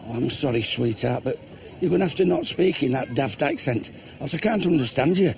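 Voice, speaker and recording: A man's voice: mid-range voice, animated, a little fast, gravelly. Blunt man, crude humour, faint outdoor noise. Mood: jokey.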